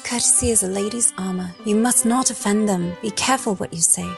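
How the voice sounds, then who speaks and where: A woman's voice: mid-range voice, vocal fry, natural voice. A woman voicing a polite young noble girl who speaks hesitantly, with music underneath. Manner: hesitant, halting.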